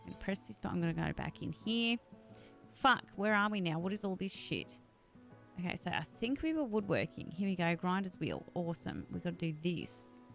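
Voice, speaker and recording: A woman's voice: lowish voice, sing-song, brisk, gravelly, a bit bright, soft background music. A woman with a sore voice, chatting casually with her live-stream audience while gaming, swearing freely and grumbling.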